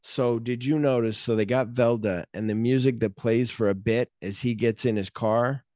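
A man's voice: mid-range voice, normal speed, no echo, clean studio sound. A man co-hosting a podcast, chatting casually about a film, acting out scenes, swearing freely and humming the music cues. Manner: animated retelling, acts out scenes and hums music cues. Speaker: podcast co-host.

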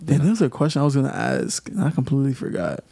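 A man's voice: medium pitch, big pitch swings, fast talker, gravelly, warm tone, breathy edge. A young man hosting a casual podcast chat, loose and storytelling, laughing often.

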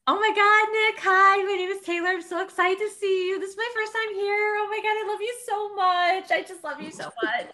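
Woman putting on a squealy superfan girl, teary and gushing, way up high and loud. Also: moderate pace. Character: gushing starstruck young female superfan, tearful.

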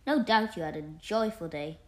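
A woman voicing a fretful, suspicious little female mouse in a storybook tale, with shrill, indignant exclaiming. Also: normal speed, natural voice. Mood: curious. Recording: roomy echo.

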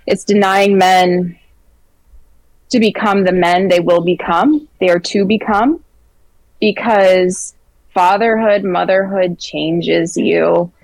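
A woman guest speaking in an earnest, halting way, with frequent fillers and restarts as she tells stories in a casual interview. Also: lowish voice, darkish tone, dry recording, low-quality recording.

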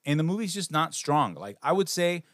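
A man co-hosting a podcast, reviewing a film in casual banter, animated and profane, with a lot of halting restarts. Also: on the high side, no room sound, studio quality. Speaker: podcast co-host.

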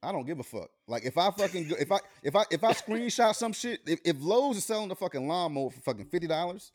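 A man's voice: high voice, sing-song, fast talker, dry recording, studio quality. A man in casual chat, rambling and cursing with lots of restarts. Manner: rambling, profane, many restarts.

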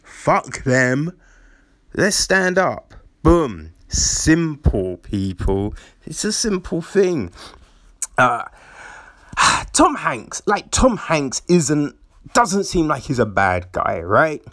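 A man giving a casual, sweary opinion monologue, animated and mocking. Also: on the high side, slow pace, no room sound.

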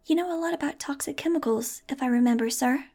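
Breathy sly little girl, voiced by a woman. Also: high voice, fast, a little mellow, pitched above the performer's own voice. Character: small girl, sly and calculating. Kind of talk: audiobook character voice.

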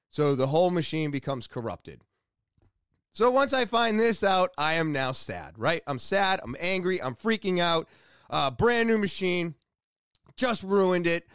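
Guy venting about work, bit higher voice, smooth and clean, dry close sound. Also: a bit bright, dry recording. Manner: exasperated, rambling, self-deprecating. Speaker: shop worker. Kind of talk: casual storytelling vlog.

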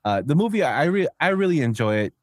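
A man's voice: on the high side, big pitch swings, quick pace, no room sound, clean studio sound. A man hosting a podcast, chatting casually and rambling with filler words. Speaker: podcast host. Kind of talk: casual chat.

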